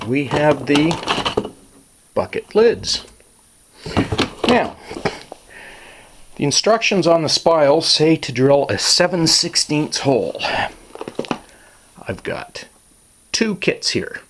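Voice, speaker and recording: A man talks at a very unhurried pace into a handheld camera, narrating his day at a small cabin in the woods. His delivery is plain and matter-of-fact, full of small asides, and a faint hiss sits under the recording. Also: a little high, expressive. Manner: slow, plain-spoken, talking to himself with sighs and asides. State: out of breath. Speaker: cabin owner filming his visit. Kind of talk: casual vlog narration.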